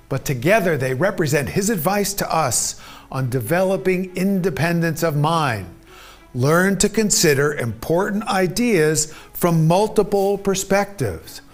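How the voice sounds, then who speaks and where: A man narrating a scripted lesson in a measured, deliberate way. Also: fairly high pitch. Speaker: course instructor.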